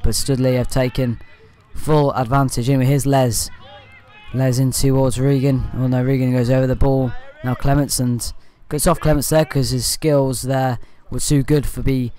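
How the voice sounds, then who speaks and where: Male fan commentator, mid-pitched, loose amateur match voice-over, keeps moving on with "anyway". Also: normal speed. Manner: rambling, leans on "anyway" and "uh" to move on; partisan, with excited bursts at good play.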